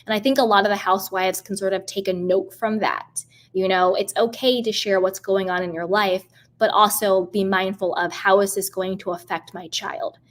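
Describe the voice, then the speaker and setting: A woman's voice: medium pitch, normal speed. Indignant woman recapping reality TV. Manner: animated, indignant, acts out quoted voices. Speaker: reality TV commentator. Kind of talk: casual recap commentary to camera.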